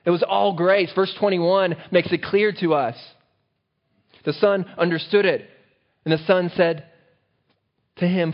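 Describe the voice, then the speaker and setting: A man's voice: sits high, fairly even intonation, a little slow, long pauses. A man preaching a sermon and often asking his listeners questions, recorded on a dull, lo-fi track. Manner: engaging, asks the listeners rhetorical questions. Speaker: pastor.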